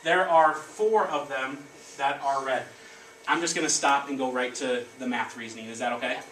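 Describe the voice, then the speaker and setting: A male teacher leads a classroom of children, prompting them with lively call-and-response and brisk instructions. He is picked up from across an echoing classroom, a little distant, with steady room noise behind him. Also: mid-range voice. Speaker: elementary school teacher. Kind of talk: leading a classroom math lesson. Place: elementary school classroom. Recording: echoey classroom, distant mic, background noise.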